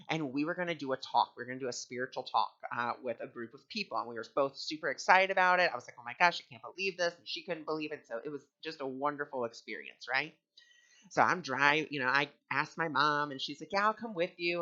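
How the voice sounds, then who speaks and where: A man's voice: on the high side, sharp tone, dull audio. A man teaching on spiritual ideas and telling a personal story in an earnest, conversational way.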